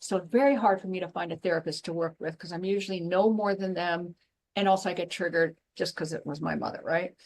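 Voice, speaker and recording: A woman guest, once a professor, speaking in a blunt, emphatic and animated way in a passionate interview conversation. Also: on the low side, fast talker. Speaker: guest, former professor and intuitive.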